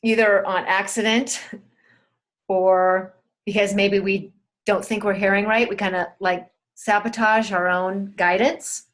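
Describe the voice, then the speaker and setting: A woman teaching a spiritual webinar in a gentle, soothing way, talking straight to her listeners and repeating key words. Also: medium pitch, fairly even intonation, takes it slowly.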